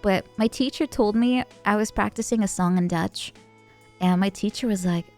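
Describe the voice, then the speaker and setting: Young woman streamer, casual halting chatter with viewers, giggly, mid-range voice over soft background music. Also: medium pitch. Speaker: VTuber streamer. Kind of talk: casual chat answering viewer messages.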